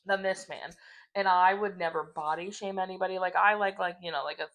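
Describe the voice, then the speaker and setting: A young woman co-hosts a casual podcast, speaking fairly quickly in a fairly low, steady, fairly bright voice, with lots of "like", swearing and laughter. She reads dating app messages aloud in mocking voices.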